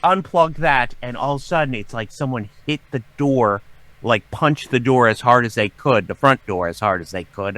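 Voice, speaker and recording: A middle-aged man, a podcast guest, telling a story with lots of swearing and dramatic acted-out shouting. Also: medium pitch, expressive, normal speed, dry recording. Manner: profane, dramatic, acts out his own shouting. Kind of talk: animated storytelling.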